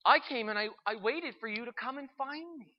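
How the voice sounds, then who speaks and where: A storyteller voicing a patient, loving divine spirit in a calm, slow, tender way. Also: mid-range voice, lo-fi sound, lightly acted.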